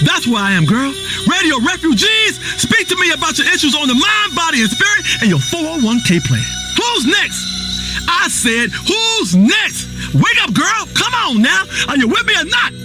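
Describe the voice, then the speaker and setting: An actor playing an erratic, self-important male radio health show host who rambles and flares into shouting. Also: very high voice, sing-song, normal speed, over loud music. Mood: preachy. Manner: rambling, volatile, bursts into shouting. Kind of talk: comedic radio talk show acting.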